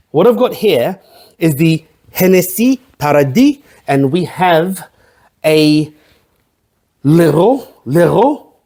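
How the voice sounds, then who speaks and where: A man's voice: high voice, a little mellow. A man hosting a drinks review vlog, talking casually in a profane, irreverent, rambling way. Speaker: host of a drinks review channel.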